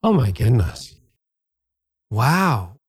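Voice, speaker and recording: Lively, dry-sounding male podcast host. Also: mid-range voice, drawn-out words, breathy edge, no room sound. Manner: responsive, exclaiming and joking. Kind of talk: podcast interview.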